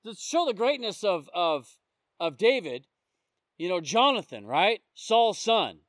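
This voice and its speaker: A man's voice: high-pitched, sing-song, measured pace, a bit bright, no room sound. A man who works as a police officer, giving an informal sermon and telling stories from the job. He talks conversationally and keeps checking in with his listeners. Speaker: police officer sharing testimony.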